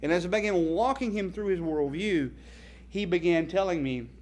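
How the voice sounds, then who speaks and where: Man, ministry founder at a banquet, emphatic preaching speech, slightly high voice. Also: lively intonation, moderate pace, darkish tone. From North Carolina. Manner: earnest, emphatic, rhetorical questions. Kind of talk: dinner speech with preaching stories. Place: banquet hall.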